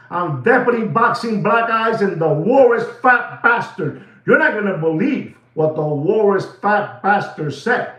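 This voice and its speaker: High-voiced man ranting from far off. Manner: rambling, excitable ranting. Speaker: watch market show host. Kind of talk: comic rant. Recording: echoey, distant, dull sound.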